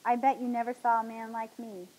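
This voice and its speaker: A woman's voice: on the high side, flat delivery, a little fast, dark tone, natural voice, poor audio. A woman reading a novel aloud, voicing a smug, impatient, lecherous older male official.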